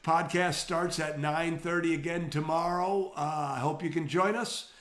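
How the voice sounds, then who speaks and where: A man with a Michigan accent co-hosting a retail training webinar, giving advice in an energetic, coaching tone. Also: fairly high pitch, a little slow, roomy sound. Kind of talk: casual webinar talk.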